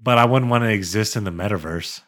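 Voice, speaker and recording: A man's voice: fairly low pitch, fast talker, fairly bright tone. A man co-hosting a podcast in casual chat, laid-back and teasing, often calling his friend bro. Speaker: podcast co-host.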